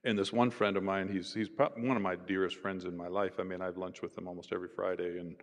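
A man, a university professor, telling stories in an animated conversational way and voicing the people in them. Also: low-pitched, fast. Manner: animated, voices others in his stories. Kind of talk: conversational storytelling. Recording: roomy with long reverb.

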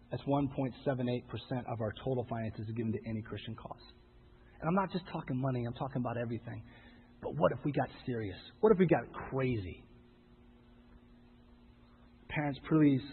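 A male pastor preaching a sermon, pleading with his listeners and rising to loud, impassioned exhortation. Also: medium pitch, slight background noise. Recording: phone-like sound with long hall reverb.

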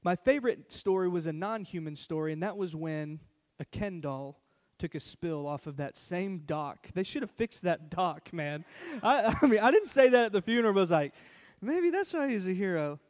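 A male pastor delivering a sermon in a lively storytelling manner. His voice sits high for a man, and he talks in a relaxed, conversational way. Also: moderate pace.

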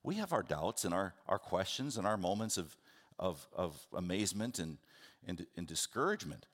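Man, pastor, sermon, lowish voice, earnest, animated delivery. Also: normal speed. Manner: earnest, animated, acts out the disciples in quotes.

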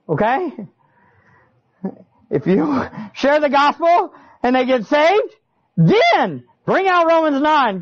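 A man preaching a sermon, chatty and animated, often turning to ask his listeners questions. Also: high voice, lo-fi sound. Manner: animated, conversational, asks the audience questions. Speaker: pastor. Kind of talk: expository sermon.

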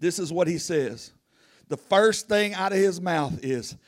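A man with a high voice preaching a sermon outdoors in the wind. His delivery is folksy and animated, and he uses casual everyday grammar. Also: unhurried.

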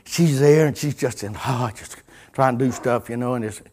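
A middle-aged man, preaching a folksy sermon full of stories, dropping to a hush and then rising loud. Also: medium pitch, moderate pace, a little hiss or hum. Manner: folksy, storytelling, wide swings from hushed to loud.

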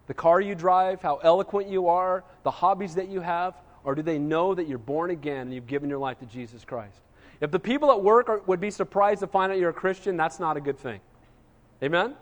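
A man's voice: sits high, a little fast, big-room sound, lo-fi sound. A man preaching a sermon as pastor, emphatic and conversational, often asking his congregation "Amen?".

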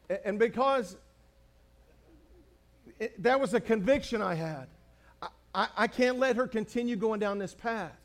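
Pastor, male, high-set voice, chatty humorous preaching with repeated lines. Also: takes it slowly, pauses often. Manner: conversational preaching, humorous asides, repeats phrases for emphasis. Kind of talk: sermon.

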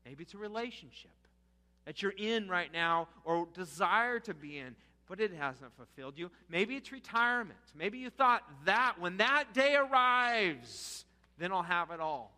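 A man's voice: sits high, expressive, a little slow, pushed and bright. A man preaching a sermon to his congregation in a conversational way, asking the listeners rhetorical questions. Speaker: pastor. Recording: long hall reverb.

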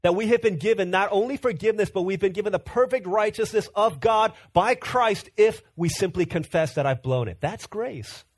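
A man's voice: high-pitched, lively intonation, normal speed, hardly any pauses. A man preaching a sermon as pastor, earnest, often repeating words as he builds a point.

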